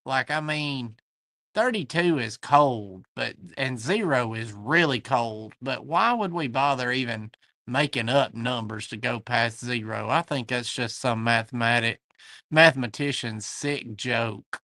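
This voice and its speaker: A man's voice: medium pitch, unhurried, sharp tone, no room sound. A man with a Southern US accent hosting a live online antique sale from his shop, chatting folksily and greeting viewers by name. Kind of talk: livestream chat, reading viewer comments.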